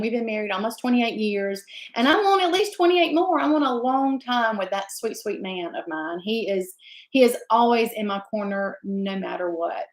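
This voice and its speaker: A woman in her fifties with a drawl chats on a home live stream. She is effusive and talkative and greets each viewer by name at an ordinary middle pitch. The room gives her voice a noticeable echo. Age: 50s. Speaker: livestream host. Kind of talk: casual live-stream chat reading viewer comments.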